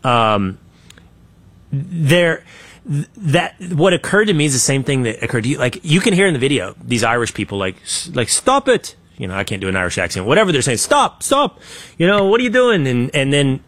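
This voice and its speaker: A man hosting a political talk show, giving opinionated commentary and acting out quotes in an animated way. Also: mid-range voice, brisk, no room sound. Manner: animated, acts out quotes in his own voice, trailing restarts.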